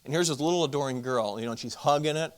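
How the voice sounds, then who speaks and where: A man speaking at a marriage conference, telling a self-deprecating story and addressing the audience with direct questions, his volume swinging from loud to hushed. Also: medium pitch, rapid-fire. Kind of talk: storytelling Christian talk.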